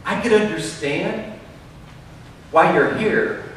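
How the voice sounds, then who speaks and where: A man voicing God as a patient, fatherly presence who questions gently but insistently. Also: on the high side, sing-song, slow, a little hiss or hum. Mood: reassuring. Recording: echoey hall from far off.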